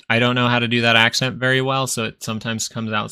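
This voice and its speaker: Gravelly man hosting a casual market stream. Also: mid-range voice, fairly even intonation, quick pace, few pauses, bright, forceful tone. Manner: rambling, chatty, answers viewers directly. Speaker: stock market livestream host.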